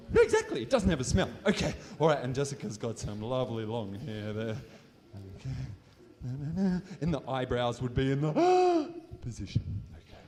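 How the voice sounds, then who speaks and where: Lively Australian man in a reverberant hall. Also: fairly high pitch, a little hiss or hum. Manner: playful, animated, jokey, talking to a volunteer and crowd. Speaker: science show presenter. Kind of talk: live science demonstration for an audience. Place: stage in a large hall with an audience.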